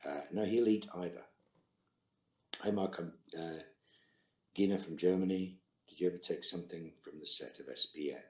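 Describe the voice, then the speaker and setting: Very deep-voiced man with dry wit. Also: moderate pace, long pauses, a little mellow. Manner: dry, wry, terse quips. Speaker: actor answering fan questions. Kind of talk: virtual fan Q&A, reading questions aloud and answering. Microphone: video call. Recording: roomy echo.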